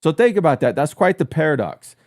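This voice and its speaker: A man's voice: fairly high pitch, sing-song, brisk, darkish tone, dry recording, studio quality. A man hosting a podcast, telling a story in a crude, rambling way with lots of "uh" and "like". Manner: crude, storytelling rant with frequent fillers. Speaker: podcast host. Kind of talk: casual podcast chat.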